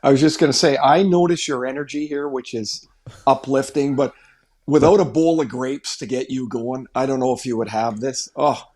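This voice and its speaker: A man's voice: medium pitch, normal speed, darkish tone. A man co-hosts a hockey podcast in an easygoing, conversational way. His voice sits in a middle register, and he often restarts his sentences as he works through an idea. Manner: thinking aloud with restarts. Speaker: podcast co-host. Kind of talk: casual sports chat.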